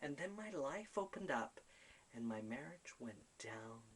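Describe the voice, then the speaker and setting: A man who works as a spiritual medium, telling his own life story in a casual, animated way and acting out other people's voices. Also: mid-range voice, a little slow, a little hiss or hum, rough recording.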